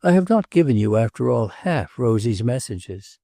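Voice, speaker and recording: A man's voice: mid-range voice, big pitch swings, moderate pace, gravelly, mellow, no echo, clean studio sound. A male audiobook narrator voicing a blunt, plain-spoken young working man with a Northern English accent. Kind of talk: audiobook character reading.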